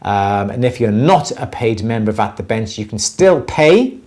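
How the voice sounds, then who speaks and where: A man co-hosts a casual jewellery livestream with a mid-pitched voice. He talks in a loose, rambling way, often restarting and repeating his words. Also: sing-song, moderate pace, darkish tone.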